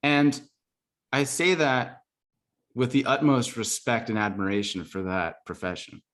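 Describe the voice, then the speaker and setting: The voice is mid-range and a bit bright, with a measured pace. As a guest on a podcast, this man shares his life story casually, earnestly and reflectively, leaning heavily on "like".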